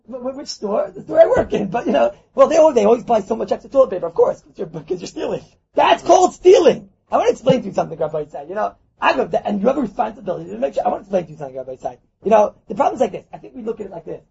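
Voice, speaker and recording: A man giving an animated Talmud class, acting out little scenes and mixing Hebrew and Yiddish terms into his talk. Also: high voice, very fast, gravelly, hardly any pauses, highs cut off. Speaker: Torah teacher.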